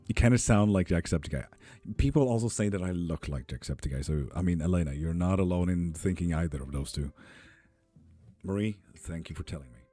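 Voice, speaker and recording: A young man chatting casually on a live stream, reading viewer comments, relaxed, swearing freely and cheering people on, a little ill and foggy. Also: sits low, a little fast. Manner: laid-back, swears freely, upbeat cheering. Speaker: live tarot and spell streamer.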